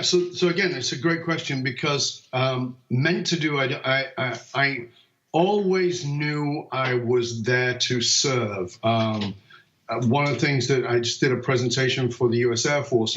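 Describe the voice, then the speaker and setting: A man's voice: mid-range voice, normal speed. A man from the United Kingdom, a motivational speaker guesting on a podcast, tells stories in a conversational way. He acts out voices and often restarts with "um" and "uh". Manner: animated, acts out voices in anecdotes, frequent um and uh restarts. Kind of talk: conversational storytelling. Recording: roomy, dull lo-fi call audio.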